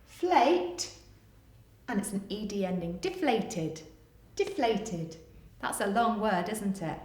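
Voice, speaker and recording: A primary teacher with a mid-range voice, speaking at normal speed in an echoey room, reads a picture book in an animated, sing-song way. She then gives young children a phonics lesson, coaxing and encouraging them.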